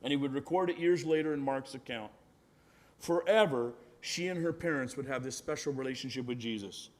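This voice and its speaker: A man, a pastor, preaching a storytelling sermon, acting out quoted voices and often adding "right?", sometimes dropping to a hushed, gentle voice. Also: medium pitch, fairly quick. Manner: drops to a hushed, gentle voice for tender moments.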